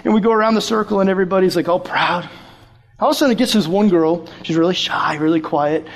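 Young male youth pastor, lively storytelling sermon voice, a touch higher-pitched. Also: quick pace. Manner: animated, acts out voices from his story.

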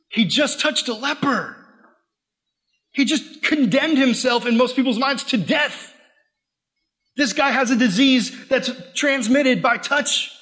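A young man preaching a sermon as pastor, animated, swinging from loud acted-out quotes to quiet, earnest asides. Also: high voice.

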